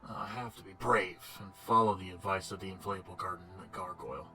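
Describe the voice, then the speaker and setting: A man's voice: deep voice, fairly even intonation, brisk. A man voicing a shy, lovestruck man with a cursed monster face, talking nervously to himself in a game. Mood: anxious. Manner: nervous, hesitant self-talk. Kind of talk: game voice acting. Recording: game music playing loudly behind.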